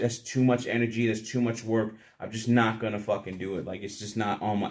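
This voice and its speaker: A young man rambling casually to the camera, crude and profane, often laughing at his own stories. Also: lowish voice. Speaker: vlogger.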